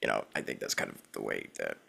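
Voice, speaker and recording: A man's voice: rumbling low, steady tone, fast, gravelly, pushed and bright, slightly rough. A man hosting a podcast, talking in a laid-back, casual way with upbeat sign-offs. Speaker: podcast host. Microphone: remote call recording.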